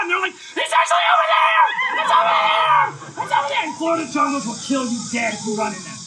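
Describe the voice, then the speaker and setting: A man preaching live, telling an excitable story with lots of shouting and bursts of energy. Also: very high voice, noisy background. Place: live event, outdoors or hall.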